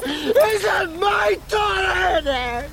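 A man's voice: very high-pitched, lively intonation, slow pace, gravelly, full character voice. An actor playing a grieving father, crying and screaming in anguish in a film clip. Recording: film clip with loud crowd and noise.

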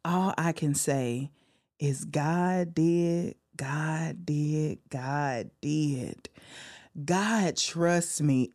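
A woman hosting her own podcast, talking alone with deep feeling and frequent exclamations. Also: a little mellow. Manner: heartfelt, testifying, exclaims often. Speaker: podcast host. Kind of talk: emotional solo podcast talk.

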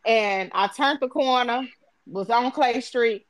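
A woman's voice: a little high, slow pace. A woman hosting a casual phone-chat podcast, telling a story and acting out the voices of the people in it. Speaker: podcast host.

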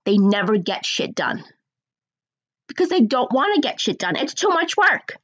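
Sarcastic woman ranting at her computer mic, pitch jumps all over, dull dry sound. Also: big pitch swings, a bit bright, breathy edge, no room sound. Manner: blunt, sarcastic, mocking; slows down to stress points. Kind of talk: opinion rant to camera.

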